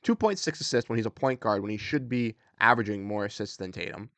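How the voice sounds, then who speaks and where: A man's voice: lowish voice, quick pace, fairly bright tone, no echo. A young man hosting casual sports commentary, fired-up and repetitive, with many fillers.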